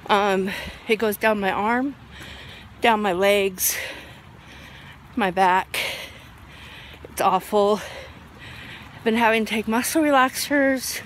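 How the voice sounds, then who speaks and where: Woman in her 40s vlogging, talks real slow with lots of ums, faint noise behind. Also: mid-range voice. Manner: unhurried, rambling, lots of ums. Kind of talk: casual chat to camera.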